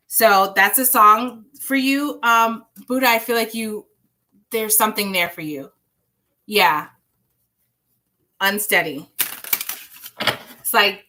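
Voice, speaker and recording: A young woman hosts a live tarot reading, talking in a loose, rambling, reassuring way. Her voice sounds bright and ringing at a middling pitch. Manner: chatty, rambling, reassuring, sings bits of songs. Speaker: tarot reader.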